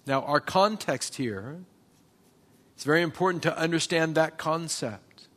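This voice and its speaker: A man's voice: on the high side, animated, measured pace, a bit bright. A man preaching a sermon as a pastor, telling personal stories and asking the congregation questions.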